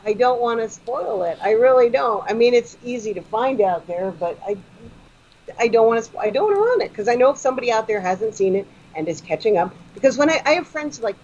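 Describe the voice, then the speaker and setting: A woman's voice: on the high side, expressive, fairly quick, darkish tone. A woman guesting on a comedy podcast, chatting eagerly and explaining fan trivia. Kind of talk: casual podcast chat. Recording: dull lo-fi sound with faint noise.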